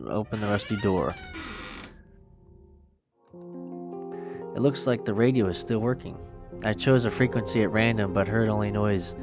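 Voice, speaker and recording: A man streaming a horror game, reading its text aloud with crude, joking asides. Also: on the low side. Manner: profane, joking asides between narration. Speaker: gaming streamer.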